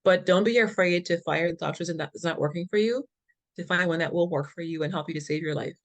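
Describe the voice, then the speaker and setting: A woman with a somewhat low voice speaks as an interview guest and patient advocate. She tells her story frankly and with energy, acting out the people she quotes and dropping breezy slang. Her laughs come easily between points. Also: fast. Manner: frank, lively storyteller who acts out quoted dialogue.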